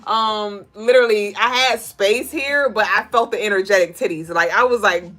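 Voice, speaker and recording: A woman's voice: mid-range voice, fairly even intonation, moderate pace, hardly any pauses, a bit bright. Chatty, profane woman hosting a tarot stream. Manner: chatty, profane, laughs often, reads chat comments aloud. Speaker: host giving daily spiritual readings. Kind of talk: casual livestream tarot chat.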